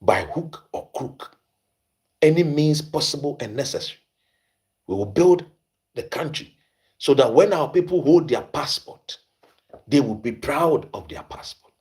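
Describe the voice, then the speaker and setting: A man's voice: on the high side, lively intonation, normal speed, long pauses, a little mellow. A man from Ghana with a Ghanaian accent, hosting an impassioned commentary in a preachy way, repeating phrases for emphasis. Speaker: host.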